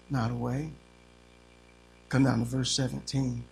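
A man preaching an impassioned sermon, reading scripture fervently and swinging from hushed tones to shouting. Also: on the high side, moderate pace, creaky, slightly rough.

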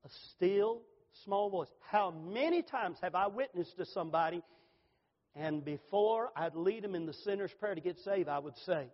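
A middle-aged male pastor preaching a sermon with an altar call, fervent and emphatic, dropping to a hush for the invitation. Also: high voice, animated, moderate pace. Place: church sanctuary. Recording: long hall reverb, dull lo-fi sound.

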